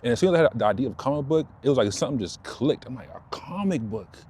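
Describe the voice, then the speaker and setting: A man talking casually to his audience outdoors, rambling and repeating himself, perking up when excited. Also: mid-range voice, racing, slightly rough. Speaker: vlogger. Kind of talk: casual talk to camera.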